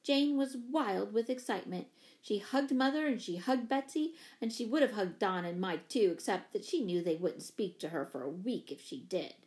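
A woman narrating a children's novel in a clear, even storybook reading. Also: medium pitch, moderate pace. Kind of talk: scripted narration.

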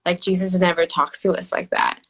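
A woman's voice: lowish voice, steady tone, fairly quick, a bit bright, husky. A woman co-hosting a casual faith podcast, talking reflectively with many fillers. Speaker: podcast co-host.

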